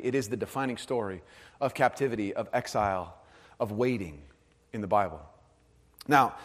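A man preaching a sermon to a live congregation, conversational in tone, dropping to soft, low emphasis on key phrases. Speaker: pastor. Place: large hall with audience. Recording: long hall reverb.

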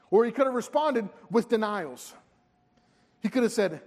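Guy preaching in a church, pretty high voice, earnest and pleading, big hall echo. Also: animated, moderate pace. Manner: earnest, pleading, rises and drops in intensity. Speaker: pastor. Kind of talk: sermon. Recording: hall reverb.

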